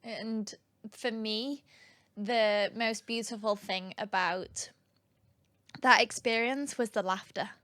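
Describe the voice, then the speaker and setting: A woman who is a podcast guest, telling her story in a giggly, expressive way. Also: mid-range voice, slow, dry recording, clean studio sound. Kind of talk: casual conversation.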